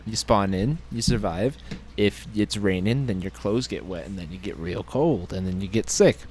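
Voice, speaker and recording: A man's voice: lowish voice, lively intonation, moderate pace, darkish tone, a little hiss or hum. A man chatting on a podcast in a laid-back way, explaining things plainly. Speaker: podcast co-host. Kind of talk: casual podcast chat.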